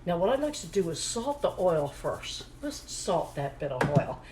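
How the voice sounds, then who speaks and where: A woman chats through her cooking in a kitchen, her voice sitting slightly low. She keeps it a touch hushed, repeats her own lines and talks to herself. A frying pan sizzles clearly under her words. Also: sing-song, moderate pace, noisy background. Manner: talking a little low and hushed. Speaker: home cooking vlogger. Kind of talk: casual cooking chat to camera. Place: home kitchen. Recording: home kitchen recording, audible pan sizzle.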